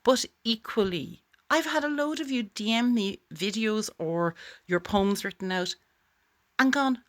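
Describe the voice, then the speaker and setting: A woman's voice: mid-range voice, lively intonation, a little slow. A woman teaching a voice exercise straight to camera in an encouraging, chatty way. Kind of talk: direct-to-camera tutorial.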